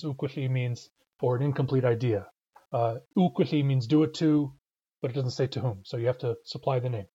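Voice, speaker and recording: Man with a mellow voice, teaching a language. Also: mid-range voice, lo-fi sound. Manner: patient, methodical explaining. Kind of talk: online language lesson.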